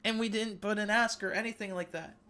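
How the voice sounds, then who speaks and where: A man's voice: high voice, fairly even intonation, a little fast, pushed and bright. A man in his thirties hosting a devotional talk, sharing an earnest, emotional testimony. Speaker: podcast host.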